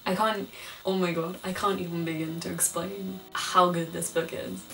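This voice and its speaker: A young woman casually recommending her favourite books, excitable and gushing, swearing freely. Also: fairly low pitch, normal speed, gravelly. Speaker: book vlogger. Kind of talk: casual book recommendation vlog. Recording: distant mic with music behind.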